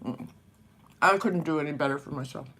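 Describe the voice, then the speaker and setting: A woman's voice: low voice, brisk, a bit bright. A woman vlogging casually over breakfast at home, chatty and rambling, laughing often. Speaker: vlogger and dance teacher.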